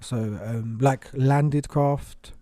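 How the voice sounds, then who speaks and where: A man's voice: medium pitch, fairly even intonation, extremely slow, warm tone, no room sound, clean studio sound. A man co-hosting a podcast, chatting animatedly, swearing freely and putting on voices of other people. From England. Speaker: podcast co-host. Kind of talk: casual chat. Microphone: podcast studio mic.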